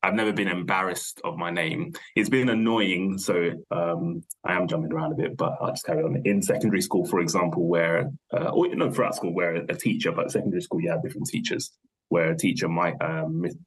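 A young man, a podcast guest thinking aloud in a relaxed, rambling way, full of fillers and self-corrections. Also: low voice, a little fast, breathy edge. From London, England. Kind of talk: casual conversational interview.

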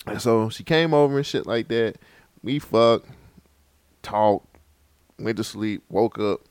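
A man's voice: lowish voice, slow, darkish tone, clear, resonant tone, dry recording. A man telling a long, profane story in casual chat on a podcast, as a co-host.

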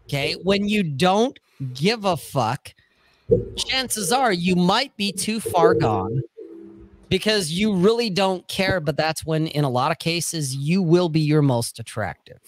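A man with a fairly high, very lively voice tells a story slowly in a casual podcast chat. He talks bluntly and swears freely, stopping often to ask "okay?". The sound is dry and close. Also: slight background noise. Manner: blunt, profane storytelling with frequent "okay?" check-ins.

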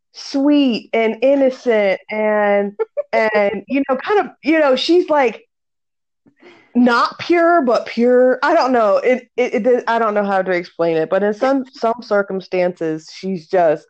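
A woman's voice: fairly high pitch, a little mellow. A woman co-hosting a podcast, telling a story in casual chat, laughing hard and swearing freely. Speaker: podcast co-host. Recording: dull lo-fi sound.

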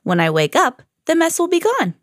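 A woman voicing a friendly, playful male bear in a read-aloud picture book, with cheerful, drawn-out lines. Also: very high voice, wildly swooping pitch, no room sound, studio quality, voice pushed up, heavily acted.

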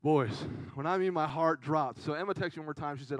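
A young man preaching to a youth group, telling a funny story in an animated, chatty way with lots of "right?". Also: on the high side, fairly quick, no room sound, rough recording. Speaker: youth pastor. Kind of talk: casual storytelling sermon.

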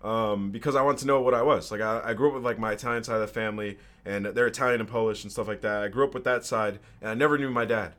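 A man's voice: fairly low pitch, steady tone, fast talker, hardly any pauses, a bit bright. A man in his twenties, a podcast guest, casually telling a personal story with slang and swearing. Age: 20s.

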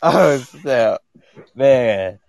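A man's voice: mid-range voice, lively intonation, extremely slow, gravelly, noisy background. A man chatting with friends, laughing along and egging the others on to keep joking. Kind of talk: casual chat among friends.

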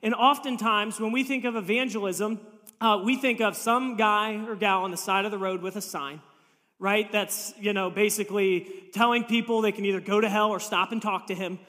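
Male pastor, high bright voice, joking sermon in a reverberant church hall. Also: fairly even intonation, moderate pace. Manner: humorous storytelling, acts out quoted voices. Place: church sanctuary.

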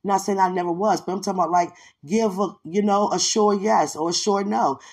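A woman's voice: mid-range voice, steady tone, a little fast, a little mellow, slightly rough. A woman podcast host giving a fervent, rambling devotional testimony with many fillers.

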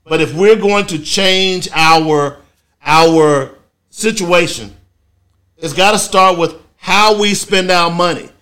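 Middle-aged guy hosting his show, kinda high voice, preachy and emphatic, lots of ums. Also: slow pace, pushed and bright. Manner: emphatic and preachy, with frequent fillers and check-ins of "okay?". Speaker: host. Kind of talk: casual solo talk show monologue.

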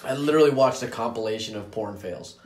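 A man's voice: mid-range voice, quick pace, a little mellow. A man joining a crude podcast chat, cracking jokes and often saying "you know what I mean". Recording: distant, echoey, noisy crowd behind.

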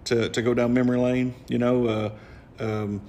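A man's voice: mid-range voice, little pitch movement, normal speed, darkish tone. A man, hosting a podcast in a jokey, rambling way with many restarts. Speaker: podcast host. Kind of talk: casual podcast chat. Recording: roomy reverb.

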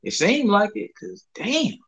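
A man's voice: sits high, big pitch swings, measured pace, gravelly, fairly bright tone, breathy edge, poor audio. A young man from the Southern US telling a rambling, profane story in a laid-back, casual chat. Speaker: podcast co-host.

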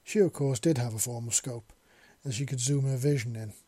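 A man narrating a story in a steady storytelling manner. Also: mid-range voice, brisk, no echo. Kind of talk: audiobook narration of fan fiction.

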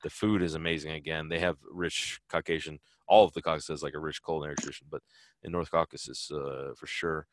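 A man's voice: rumbling low, fairly even intonation, fast talker, no room sound, studio quality. A man answering interview questions in a loose, rambling way, full of fillers and restarts. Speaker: interview guest, traveler. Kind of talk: casual conversational interview.

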